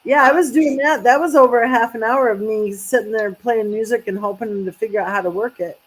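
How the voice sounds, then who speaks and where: A woman's voice: on the high side, a little fast, low-quality recording. A woman hosting a casual chat, rambling and trailing off, sleepy. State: sleepy, yawning. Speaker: channel host.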